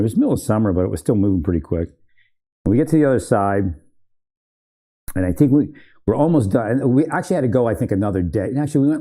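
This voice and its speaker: An ex-soldier reminisces about army training in a loose, rambling way, frequently laughing and fixing his own words. The voice is lowish and mellow.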